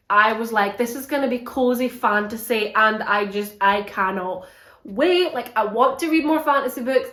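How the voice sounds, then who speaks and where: A young woman giving a casual, animated book review, swearing a lot and sounding exasperated. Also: mid-range voice, reverberant.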